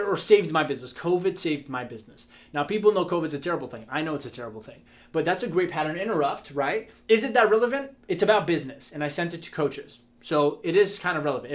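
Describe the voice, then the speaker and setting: A young man with a slightly raised voice explains his point in a loose, energetic way. He leans on lots of examples and often stops to restart a sentence. It sounds like an unscripted lesson on video. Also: on the high side. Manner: energetic, example-heavy, many fillers and restarts. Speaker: business coach. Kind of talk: casual instructional talk to camera.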